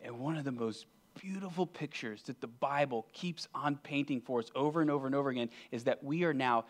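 A man preaching a sermon as pastor. His pitch sits in the middle, and he is earnest throughout. He swings from emphatic, raised lines to hushed near-whispers. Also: fairly quick.

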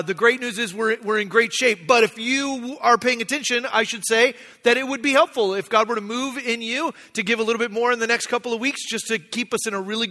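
A man's voice: extremely high pitch, pushed and bright, long reverb tail. A middle-aged man, a pastor, giving a conversational, self-deprecating sermon in a church sanctuary.

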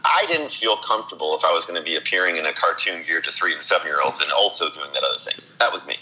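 A man, a voice actor, chatting casually as a guest on an interview show, relaxed with many fillers. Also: sits low, quick pace, slight background noise, low-quality recording. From Northeast US.

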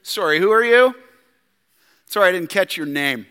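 A man's voice: sits high, expressive, normal speed, sharp tone, clean tone, big-room sound. A man voicing a boastful young male prophet who shows off his credentials in a smug, slangy way. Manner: smug, bragging, casual slangy asides.

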